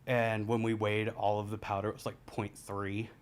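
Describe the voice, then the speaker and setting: A man, a podcast guest telling a rambling, candid story and laughing through the dark parts. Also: fairly low pitch, level tone, normal speed, smooth. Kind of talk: casual storytelling.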